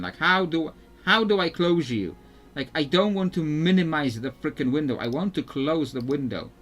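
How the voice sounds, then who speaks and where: A man giving casual, rambling commentary while playing a video game, often restarting sentences and chuckling. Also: mid-range voice. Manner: rambling, self-interrupting, chuckling. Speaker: gameplay streamer.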